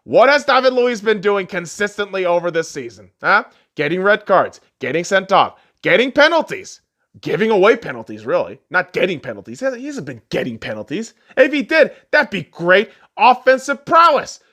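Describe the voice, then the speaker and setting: A young man rants about sports on his podcast. His voice is high and bright, and it leaps between loud shouted outbursts and low grumbling asides. He swears a lot and never stays still. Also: very animated, normal speed. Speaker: podcast host. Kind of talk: profane sports rant.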